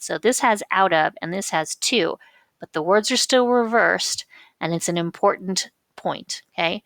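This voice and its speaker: A woman teacher explaining figures of speech patiently, reading quotations slowly and with emphasis. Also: fairly low pitch, fairly bright tone, clear, resonant tone, dry recording. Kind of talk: recorded lecture on figures of speech.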